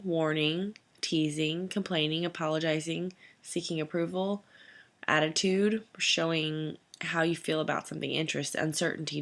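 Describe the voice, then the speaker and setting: A woman narrates a scripted lesson in a fairly low voice with a gravelly edge of fry. She is an instructor who reads through lists of terms in a steady, measured way.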